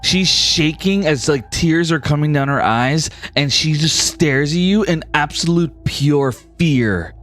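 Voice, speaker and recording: A man's voice: on the high side, unhurried, hardly any pauses, fairly bright tone. Man game master narrating a tabletop game.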